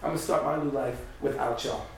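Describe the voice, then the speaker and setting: A man's voice: mid-range voice, fairly even intonation, fast, creaky, natural voice. A man in an improvised comedy sketch voicing a whiny 47-year-old daughter who still lives at home and laughs through her lines. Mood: indignant. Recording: echoey room, mic far off, audible noise.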